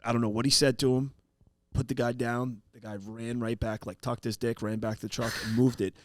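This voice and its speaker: A man's voice: mid-range voice, level tone, a little fast, no echo, clean studio sound. A man, telling a story in casual podcast chat and quoting an old coworker.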